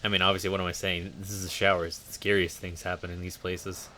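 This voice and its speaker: A man's voice: low-pitched, little pitch movement, fast, bright, forceful tone, a little hiss or hum. A man streaming a horror game, talking casually and making sarcastic jokes as he plays. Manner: joking, sarcastic asides. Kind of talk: casual gameplay commentary.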